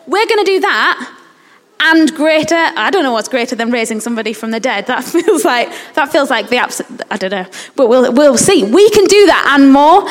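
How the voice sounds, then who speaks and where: High-voiced woman preaching in a reverberant hall. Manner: earnest, questioning the listeners directly. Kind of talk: sermon. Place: church service.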